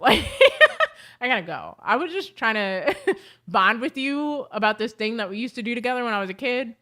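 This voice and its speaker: A woman's voice: a little high, a little fast. Chatty young woman vlogger. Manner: chatty, animated storytelling with frequent fillers. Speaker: beauty vlogger. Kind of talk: casual chat to camera.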